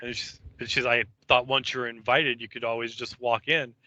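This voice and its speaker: A man's voice: mid-range voice, little pitch movement, moderate pace, bright, forceful tone. A man co-hosting a podcast, chiming in casually with asides and his own take while recapping an episode. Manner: chatty, chiming in with asides and laughs. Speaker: podcast co-host. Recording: dull, muffled podcast mic.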